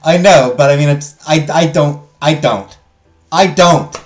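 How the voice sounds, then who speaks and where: A man's voice: on the high side, measured pace, soft background music. A man giving casual gameplay commentary, rambling and stammering, swearing and mocking himself. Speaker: gaming streamer.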